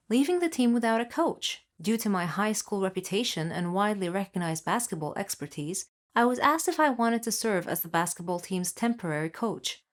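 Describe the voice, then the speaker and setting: A young woman reading a first-person story in an upbeat, chatty manner. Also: mid-range voice. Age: young adult. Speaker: narrator.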